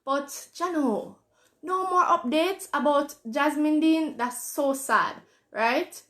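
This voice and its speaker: A woman's voice: high-pitched, slow pace, fairly bright tone. Earnest Jamaican woman hosting a live show. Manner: earnest, conversational, repeats phrases for emphasis. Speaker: host. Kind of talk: live-stream talk show, reading viewer comments. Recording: roomy echo.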